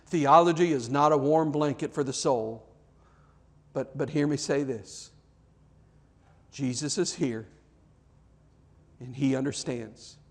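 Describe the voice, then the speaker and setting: A man preaching a sermon in a church, earnest, often repeating words and dropping to soft, emphatic lines. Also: on the high side. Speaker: pastor.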